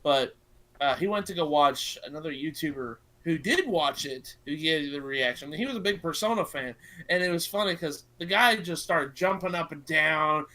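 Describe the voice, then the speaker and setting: Brief: lively storyteller on a video call, mid-pitched, acts out quotes. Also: normal speed, poor audio. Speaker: gift exchange participant. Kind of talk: casual chat on a group call.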